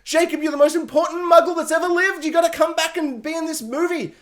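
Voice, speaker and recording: A man mimicking an overeager young woman with a thick, exaggerated accent, pitching his voice up high. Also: quick pace, a bit bright. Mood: gushing.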